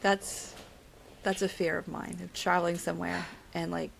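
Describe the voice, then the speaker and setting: Low, gravelly podcast co-host. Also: female voice, level tone, normal speed, a little hiss or hum, rough recording. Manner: says little, mostly agrees with short "yeah"s. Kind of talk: casual chat.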